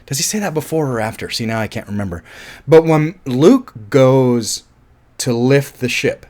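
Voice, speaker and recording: A man's voice: medium pitch, lively intonation, moderate pace, a little mellow. A man giving a casual, rambling film review, thinking aloud and often restarting his sentences.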